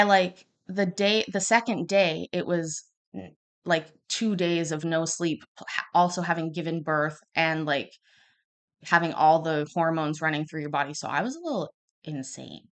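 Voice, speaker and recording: A woman in her thirties telling a personal story in a casual, rambling way, restarting often and acting out quoted lines loudly. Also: lowish voice. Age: 30s. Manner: chatty and rambling, with many restarts; acts out quoted lines with sudden bursts of loudness. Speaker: podcast host.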